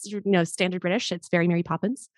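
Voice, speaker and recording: A woman's voice: on the low side, steady tone, fast, dry recording, clean studio sound. A woman guest on a podcast, an actress, chatting casually and often laughing as she explains. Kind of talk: casual interview chat.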